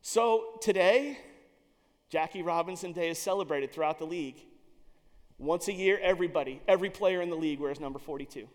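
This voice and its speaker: High-voiced man telling a story. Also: a little fast. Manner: animated, emphatic storytelling with restarts. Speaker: speaker. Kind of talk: storytelling speech. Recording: long hall reverb.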